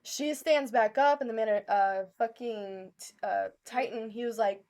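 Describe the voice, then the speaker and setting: A woman co-hosting a podcast, telling a story in a blunt, profane, animated way. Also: fairly high pitch, unhurried. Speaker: podcast co-host. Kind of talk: casual storytelling chat.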